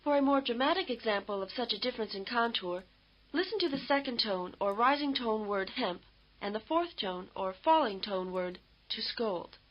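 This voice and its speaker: Woman, course narrator, scripted and measured, somewhat high voice, muffled old tape sound. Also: lively intonation. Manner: measured, explanatory. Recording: dull lo-fi tape audio.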